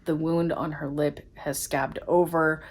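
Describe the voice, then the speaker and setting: A woman's voice: low voice, flat delivery, measured pace. A woman in her thirties, a vlogger, telling a personal story in an emotional, rambling way with many "like"s.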